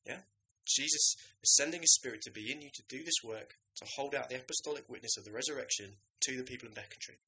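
A man preaching a sermon in a lively, conversational way, now and then acting out the voices of biblical figures. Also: medium pitch, fast talker, hardly any pauses, rough recording.

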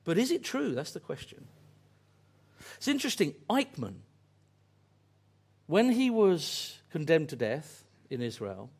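A man's voice: fairly high pitch, darkish tone. A man preaching a sermon, earnest and fond of repeated phrases and pointed questions.

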